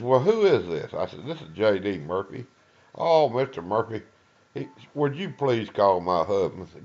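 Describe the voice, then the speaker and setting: An older man with an East Texas Southern accent telling an oral-history story, halting with many uhs and acting out what people said. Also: on the low side, dull audio. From East Texas, USA. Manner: rambling, halting with many uhs, acts out quoted dialogue. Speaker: retired lawman and Vietnam veteran telling his story.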